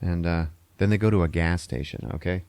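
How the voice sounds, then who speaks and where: A man with a low voice recaps a film in loose, profane chat and slips into the characters' lines as he goes. The sound is dry and close, with no room around it. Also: fairly quick, vocal fry, a little mellow, smooth, no room sound. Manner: retells scenes with acted-out quotes and frequent swearing. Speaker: podcast host. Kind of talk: casual movie recap.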